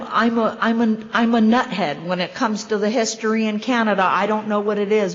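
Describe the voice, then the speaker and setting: A woman in her fifties or older giving a wry, self-deprecating recovery share as a convention speaker at a podium microphone. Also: fairly high pitch. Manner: wry, self-deprecating storytelling with quick asides. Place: large hall. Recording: dull, echoey hall recording.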